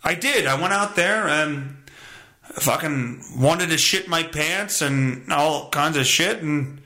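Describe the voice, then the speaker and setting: High, bright-voiced profane podcast host. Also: male voice, slow pace. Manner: profane, rambling, self-mocking. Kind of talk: casual solo podcast monologue.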